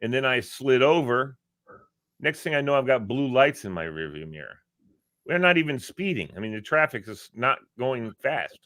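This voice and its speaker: A man from Virginia, co-hosting a casual talk show, telling an animated story and acting out the quotes. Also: mid-range voice, normal speed, no room sound, clean studio sound. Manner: animated, acts out quotes, laughs often. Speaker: podcast co-host.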